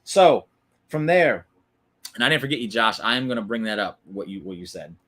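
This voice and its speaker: A man's voice: on the low side, expressive, brisk, a bit bright. A man hosting a casual wrestling recap stream, chatty and opinionated, talking back to viewers in the chat. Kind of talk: casual live-stream commentary.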